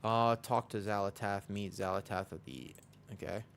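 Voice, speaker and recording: A man's voice: lowish voice, normal speed, vocal fry, fairly bright tone. A man streaming a game, chatting casually with viewers in a rambling way. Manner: rambling, lots of "like" fillers. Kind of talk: casual livestream chat.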